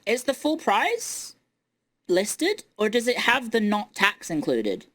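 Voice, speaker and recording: A woman's voice: fairly high pitch, huge pitch swings, slow, a bit bright. A young woman streaming, ranting in casual chat with incredulous outbursts. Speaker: VTuber streamer.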